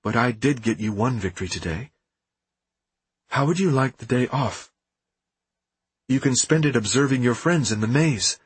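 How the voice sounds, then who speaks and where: A man reading the lines of a measured, guarded female doctor in an audiobook, in an even, husky voice. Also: medium pitch, dry recording. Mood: calm, firm.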